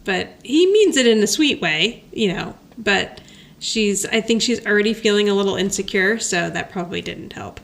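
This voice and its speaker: A woman's voice: medium pitch, animated, normal speed, vocal fry, a bit bright. A woman co-hosting a podcast, chatting casually as she recaps a sitcom episode, laughing often and acting out the characters' lines. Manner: chatty, giggly, acts out lines from the show. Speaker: podcast co-host.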